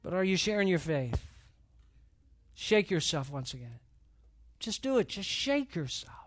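A man's voice: high voice, very animated, unhurried. A man preaching a sermon as pastor, reading and retelling a story with rising, emphatic intensity. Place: church.

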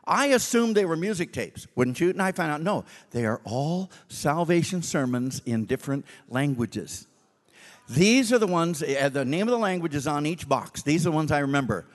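A male preacher telling a story in a sermon, animated and acting out the dialogue. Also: on the high side, moderate pace, in a large hall.

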